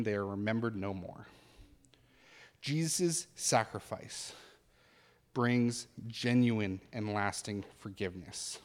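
Earnest male pastor in a reverberant hall. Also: medium pitch. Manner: earnest, conversational preaching with animated asides. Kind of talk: sermon.

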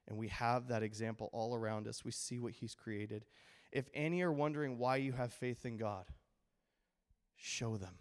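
A man's voice: medium pitch, normal speed, clean tone. A middle-aged male pastor preaching a sermon, telling stories and acting out quotes with animation. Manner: animated storytelling with acted-out quotes.

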